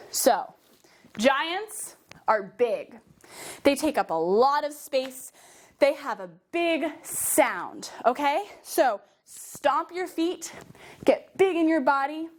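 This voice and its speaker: A high-voiced young woman leads children through a fairy tale with her body, coaxing and sing-song. She talks in an unhurried, drawn-out way, stretching her words for little listeners. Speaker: children's theater teacher. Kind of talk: guided movement storytelling for kids.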